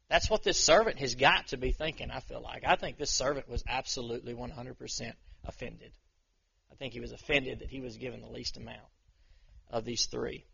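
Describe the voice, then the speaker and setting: A man's voice: medium pitch, steady tone, a little fast, gravelly, bright, forceful tone, slightly rough, muffled recording. A man giving an informal, conversational sermon to a small church group, self-deprecating and full of restarts. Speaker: pastor.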